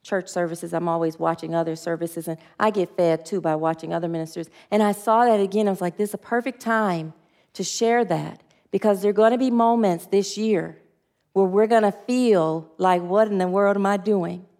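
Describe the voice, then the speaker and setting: A woman's voice: mid-range voice, moderate pace, a little mellow. A woman minister giving a spiritual sermon, earnest and leading the group in spoken affirmations.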